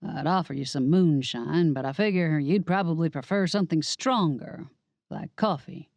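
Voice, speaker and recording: Woman voicing a calm friendly man. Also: sits low, normal speed, creaky, dry recording, highs cut off. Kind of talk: audiobook character voice.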